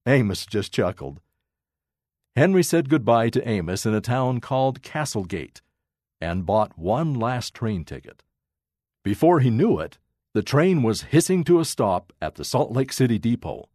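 A man narrating a children's story aloud with expressive, dramatic pacing. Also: medium pitch, a little slow, no echo, clean studio sound.

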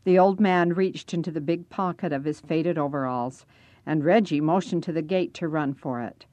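A woman's voice: low-pitched, moderate pace, mellow, no echo. A woman narrating a first-person story aloud, reading expressively.

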